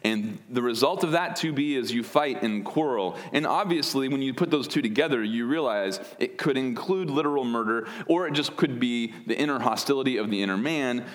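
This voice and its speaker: A man's voice: medium pitch, brisk, hardly any pauses. Man preaching an earnest expository sermon. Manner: earnest teaching with word studies and wry asides. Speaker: pastor.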